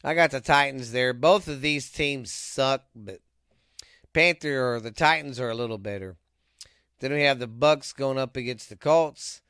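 A man's voice: medium pitch, normal speed, fairly bright tone, clear, resonant tone, no echo, studio quality. A man hosting a podcast, rambling loosely and cursing freely as he reads off scores and makes his sports picks. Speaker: podcast host. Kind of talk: casual sports picks monologue.

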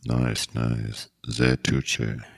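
Very deep gravelly man. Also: little pitch movement, very slow, no echo, clean studio sound. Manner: rambling, joking, easily sidetracked. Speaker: podcast host. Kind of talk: casual chat.

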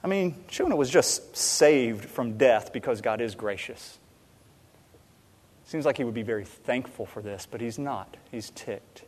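A man preaching a sermon in a church, animated, swinging between loud emphasis and quiet asides. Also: mid-range voice, a little slow, husky. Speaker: pastor. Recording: long reverb in a large hall.

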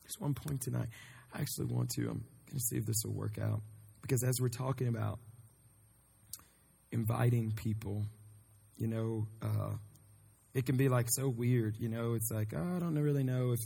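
A man's voice: medium pitch, normal speed, gravelly, pauses often, slightly rough. A man preaching as a youth pastor to his youth group, earnest and conversational, full of fillers. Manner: earnest, conversational, rising to excited calls to the crowd.

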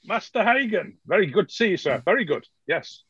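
A man's voice: high-pitched, very animated, fairly quick, fairly bright tone, husky, highs cut off, voice pushed up, exaggerated voice. A man voicing a fussy, self-important male official who stammers and fusses. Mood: flustered.

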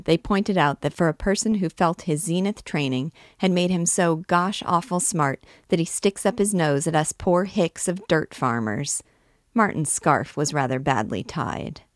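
A woman reading a novel aloud as a literature teacher, in a steady, expressive way. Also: sits low, no echo, clean studio sound.

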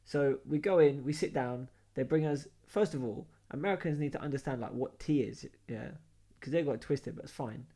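A man's voice: medium pitch, fairly quick. A young man with a London accent casually telling travel stories, acting out the dialogue and laughing often. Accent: London English. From London, England. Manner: animated storyteller, acts out quoted dialogue, laughs often. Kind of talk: casual storytelling chat.

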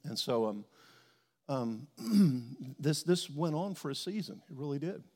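A man's voice: fairly high pitch, big pitch swings, unhurried, a little mellow, long reverb tail. A man preaching a sermon as a pastor, telling a personal story and acting out his conversations with God.

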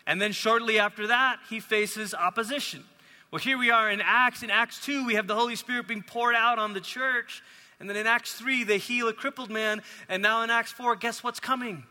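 A man's voice: high voice, bright, forceful tone, big-room sound. A man who grew up in Malaysia, preaching a sermon as a pastor in a conversational, storytelling manner.

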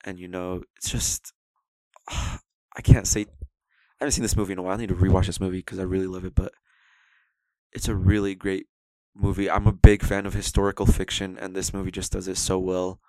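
Smooth-voiced man chatting about movies. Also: deep voice, little pitch movement, fairly quick, dark tone, no echo. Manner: enthusiastic, rambling, quotes scenes in put-on voices. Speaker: podcast co-host. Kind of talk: casual movie chat.

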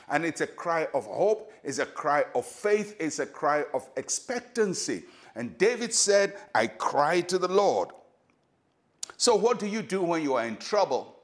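A male pastor with a Ghanaian English accent delivers a short devotional sermon. His voice sits slightly high, and he preaches in an earnest, measured way, asking his listeners rhetorical questions.

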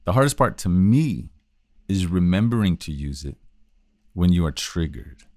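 A man's voice: sits low, very animated, normal speed, darkish tone, no room sound, studio quality. A man hosting a solo talk on communication, thinking aloud in a loose, casual way with frequent restarts. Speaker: podcast host teaching communication.

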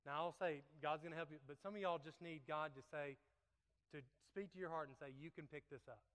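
A man's voice: a little high, fairly quick, a bit bright. A man, preaching conversationally and earnestly, often checking in with "okay?", leading into an altar call. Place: church sanctuary. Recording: long reverb in a church hall.

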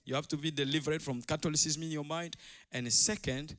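A man preaching a sermon in a church, impassioned and at times shouting. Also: a little high, steady tone, fairly quick.

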